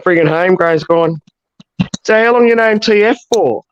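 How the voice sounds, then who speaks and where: A man's voice: high voice, moderate pace, clear, resonant tone, lo-fi sound. A man, co-hosting a casual chat and telling a rowdy story laced with swearing. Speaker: co-host.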